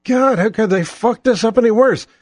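A man's voice: extremely high pitch, moderate pace, slightly rough, no room sound, clean studio sound. A man hosting a political talk show, ranting with profane, sarcastic exasperation.

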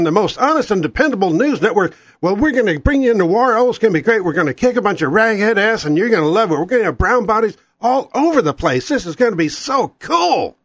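A man's voice: sits high, fairly bright tone, no room sound, pitched above the performer's own voice. A man putting on a smug male TV news anchor who cheers for war in a gleeful, mocking sing-song.

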